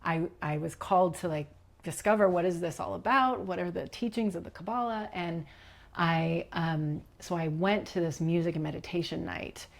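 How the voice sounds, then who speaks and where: Middle-aged woman, low and gravelly, an animated podcast guest telling her own story, quoting others and slipping into whispers. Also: moderate pace. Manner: animated, reenacts quotes, drops to whispers. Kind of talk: personal storytelling.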